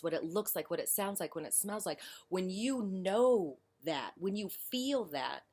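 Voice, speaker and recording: A woman early childhood educator talking to fellow teachers in a frank, passionate and emphatic way. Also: medium pitch. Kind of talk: casual spoken commentary.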